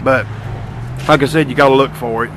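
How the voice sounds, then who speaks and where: A man's voice: mid-range voice, steady tone, brisk, fairly bright tone, slight background noise. A young man casually showing off his repainted car outdoors, rambling with fillers and restarts. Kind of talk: casual walkaround vlog.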